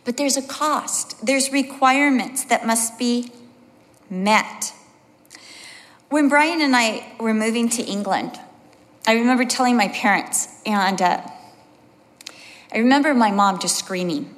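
A woman's voice: on the high side, measured pace, long pauses, fairly bright tone. A middle-aged woman giving a sermon as a Bible teacher, telling personal stories and acting out the quotes. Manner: personal storytelling with acted quotes. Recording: long hall reverb.

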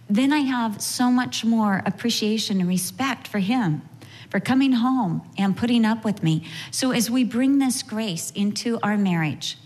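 A woman giving an earnest, storytelling talk on marriage, with touches of gentle humor, in sermon style. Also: medium pitch, big-room sound. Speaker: speaker at a marriage session. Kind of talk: sermon-style teaching with anecdotes.

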